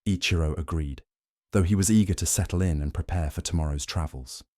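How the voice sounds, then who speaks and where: A man giving calm, slow, soothing scripted narration of a bedtime story, close to the mic. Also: low voice, dry recording.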